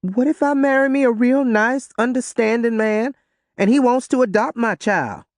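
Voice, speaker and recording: A fiery young woman pleads and pushes in a raised, lively voice, as a male narrator puts her on. Her lines ride well above his own pitch and swing widely. The recording is dry and close. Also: normal speed, dry recording. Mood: pressing. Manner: high, emphatic dialect speech. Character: brash young woman, hot-headed and pleading.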